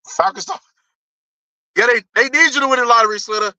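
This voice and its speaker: A man's voice: high voice, big pitch swings, fast, bright, forceful tone, no room sound. Blunt man ranting on a stream. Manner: blunt and profane, with frequent restarts. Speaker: live streamer. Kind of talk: casual live-stream sports rant. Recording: dull lo-fi stream audio.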